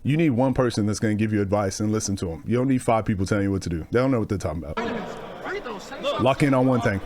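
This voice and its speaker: A man's voice: lowish voice, big pitch swings, fast, darkish tone. A man hosting a casual basketball reaction video, joking and telling rambling, self-mocking stories with frequent laughs. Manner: joking storyteller, laughs often.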